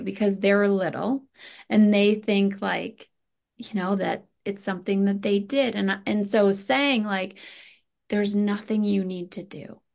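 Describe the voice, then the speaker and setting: A woman's voice: medium pitch, fairly even intonation, unhurried, vocal fry, a little mellow. A woman in her thirties, a podcast guest talking earnestly and animatedly, with many restarts. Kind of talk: candid conversational interview.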